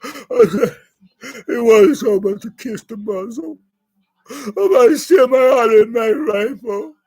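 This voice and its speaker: A man doing a high husky rambling whiner. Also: lively intonation, a little mellow, exaggerated voice. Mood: tearful pleading. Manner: stammering repetitions and drawn-out pleading. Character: rambling, tearful, self-pitying young man. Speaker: vlogger. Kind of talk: satirical impression monologue.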